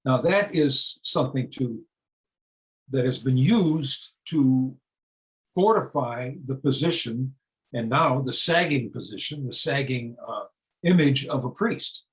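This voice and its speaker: A man in his seventies from the United States talks to an audience without a script, in a voice of ordinary middle pitch. He gropes for words, breaks off and restarts, and fills pauses with ums. Then he lands points bluntly with questions he answers himself. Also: lively intonation, rough recording. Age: 70s. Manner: conversational and searching, with frequent restarts and fillers; plain-spoken, rhetorical questions answered himself. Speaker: speaker on church reform. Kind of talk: unscripted talk to an audience.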